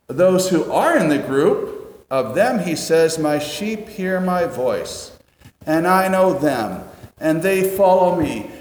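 Guy giving a sermon, kinda high voice, talks easy then goes low n soft for emphasis, big echoey church. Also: expressive, slow. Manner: conversational preaching, drops low and quiet for emphasis. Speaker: pastor. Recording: echoey hall with long reverb.

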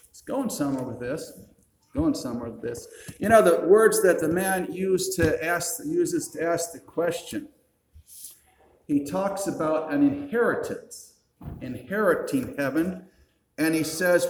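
A male pastor delivers a sermon. He works through his argument with dry humor and asks the listeners questions. His voice sits a little high and echoes around a roomy space. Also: animated, a little slow, slight background noise. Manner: reasoning, wry, rhetorical questions. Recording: roomy echo.

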